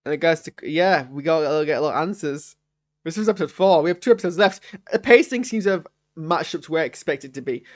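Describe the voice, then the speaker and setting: A man's voice: a little high, fast. A young man giving a live reaction review of a TV episode, rambling, self-interrupting and often exasperated. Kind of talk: live post-watch reaction.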